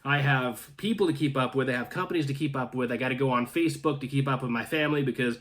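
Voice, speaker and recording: Talking quickly in a mid-range, fairly bright voice, this channel host reads viewer comments and chats with his audience from home in Canada. Originally from North Carolina, he wanders off on joking tangents and often restarts his sentences.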